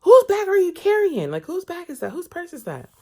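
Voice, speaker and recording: A man's voice: huge pitch swings, brisk, a little mellow, exaggerated voice. A man voicing a nosy, disapproving older African woman who fires off repeated prying questions. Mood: scandalized. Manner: shrill, repetitive prying questions.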